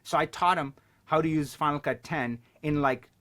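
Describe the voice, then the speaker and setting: A man talking as a podcast guest, telling stories in an animated way and swearing casually. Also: fairly high pitch, moderate pace. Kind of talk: casual chat.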